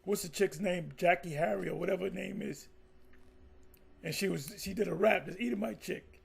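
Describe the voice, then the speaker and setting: A man's voice: high-pitched, normal speed, vocal fry, husky. A man giving heated, profane, mocking commentary on a religious group, rambling with restarts.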